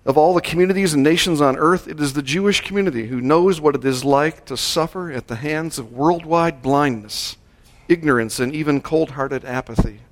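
A male pastor delivering a sermon at a church service, measured and slowing down to stress key words. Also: fairly high pitch.

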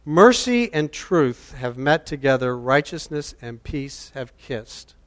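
A man preaching a sermon, deliberate in delivery and repeating key phrases for emphasis. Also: medium pitch, sing-song, fairly bright tone, in a large hall.

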